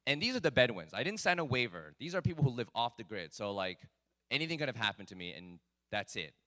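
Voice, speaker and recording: A man telling a personal story at a live talk event, animated and self-mocking with lots of fillers. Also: medium pitch, fast.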